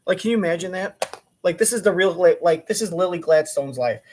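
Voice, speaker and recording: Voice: medium pitch, fairly quick, darkish tone, slight background noise. A commentator mocking a talk show clip in a crude, profane, sarcastic way.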